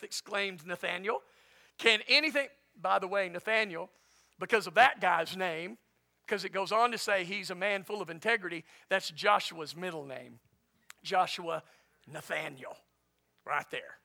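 A man preaching a sermon as pastor, animated, swinging between loud and soft. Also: high-pitched, measured pace, creaky.

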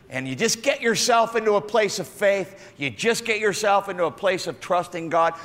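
A male pastor preaching a sermon, animated, acting out the voices of other people and swinging from loud outbursts to hushed asides. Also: high-pitched, big-room sound.

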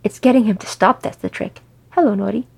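A woman's voice: medium pitch, a little fast, vocal fry, breathy edge. A woman voicing a young male dwarf prince, casual and a little teasing.

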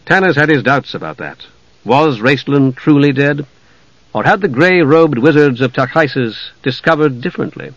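A man narrating a fantasy audiobook in a measured, even delivery at a mid pitch. The recording is dry and close, with a slightly dull, band-limited tone. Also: no room sound. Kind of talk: scripted narration.

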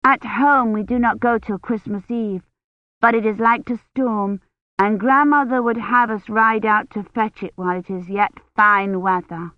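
A woman reading an audiobook voices an eager, bossy little noble girl in a high childlike tone. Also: fairly even intonation, unhurried, no room sound, natural voice. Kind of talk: audiobook character voice. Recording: tinny phone-like sound, dry.

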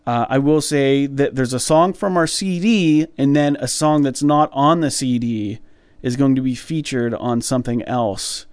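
Laid-back podcast dude rambling about his band, smooth clean voice, dry sound. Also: mid-range voice, unhurried, dry recording. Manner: relaxed, rambling with many fillers. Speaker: podcast co-host and musician. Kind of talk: casual podcast chat.

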